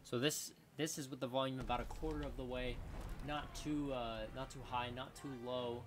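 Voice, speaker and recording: A man at his home gaming setup talks casually over gameplay, rambling and correcting himself with plenty of fillers. His voice sits at an ordinary middle pitch, picked up by a desk USB condenser mic as he shifts closer and farther away. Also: steady tone, moderate pace. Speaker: gaming channel host reviewing a microphone. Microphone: desk USB condenser microphone, distance changing.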